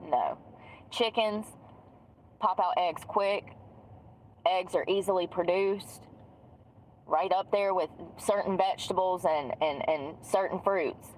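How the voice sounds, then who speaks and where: A woman's voice: on the low side, slow pace, pauses often, a little mellow, slight background noise, poor audio. Woman ranting from a car. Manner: ranting, sarcastic, profane. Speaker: vlogger. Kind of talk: ranting vlog.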